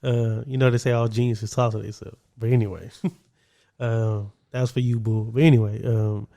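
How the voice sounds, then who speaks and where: Laughing, animated podcast co-host. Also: male voice, on the low side, moderate pace, creaky. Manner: animated, laughs often, drops into his own self-talk. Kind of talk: casual chat.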